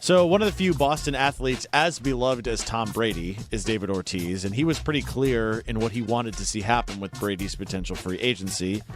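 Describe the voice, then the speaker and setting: A man reading sports news items and chatting with the host in a steady, conversational way. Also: lowish voice, brisk, few pauses, faint music behind. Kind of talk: sports news delivery and banter.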